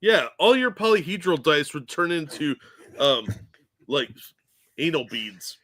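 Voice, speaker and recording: A man's voice: on the high side, sing-song, a little slow, fairly bright tone. A man co-hosting a podcast in casual chat, mocking and nerdy, often laughing. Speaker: podcast co-host.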